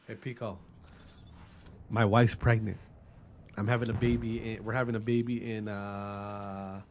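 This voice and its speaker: A man's voice: medium pitch, darkish tone. Man, 30s, from Wisconsin, casual live-stream chat, rambling, swears a lot. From Wisconsin, US Midwest. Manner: rambling, profane, talks to chat by name. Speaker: gaming streamer.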